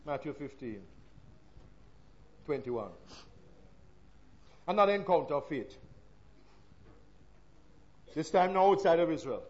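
A man with a Jamaican accent preaching a sermon, swinging between loud emphatic passages and hushed asides. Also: on the high side, expressive, measured pace, long pauses, muffled recording.

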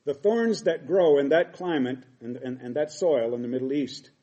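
A man's voice: mid-range voice, normal speed, warm tone, lo-fi sound. A middle-aged man preaching a sermon, reading scripture aloud and explaining it with emphatic quoted lines.

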